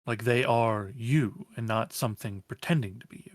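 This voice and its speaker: A man's voice: medium pitch, moderate pace, no echo, studio quality. A man playing a tabletop role-playing game, hesitant and tentative. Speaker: player. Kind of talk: casual tabletop play.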